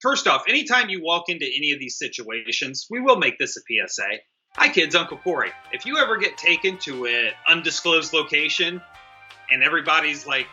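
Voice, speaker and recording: A man co-hosting a casual comedic movie review, animated and jokey, swearing freely and acting out the characters. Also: on the high side, brisk, faint music behind. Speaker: film review podcast co-host.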